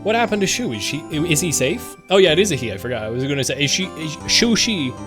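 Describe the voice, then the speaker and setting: A man's voice: on the high side, very animated, fast talker. A man streaming a game, joking and swearing casually as he reads the dialogue aloud. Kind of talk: casual let's-play commentary, reading game dialogue aloud. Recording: game music playing under voice. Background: game music.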